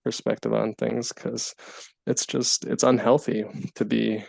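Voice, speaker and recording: An easygoing man co-hosting a podcast, upbeat as he chats. His voice is gravelly and mid-pitched, recorded close in a dry room. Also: flat delivery, unhurried, darkish tone, no echo. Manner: easygoing, upbeat, acts out quotes. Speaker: podcast co-host. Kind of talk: casual podcast chat.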